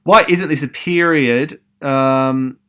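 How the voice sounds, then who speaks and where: A man's voice: medium pitch, slow pace, sharp tone, clear, resonant tone. Questioning man lecturing on film. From Australia. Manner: rhetorical questions, frequent ums and restarts. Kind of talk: recorded lecture to students.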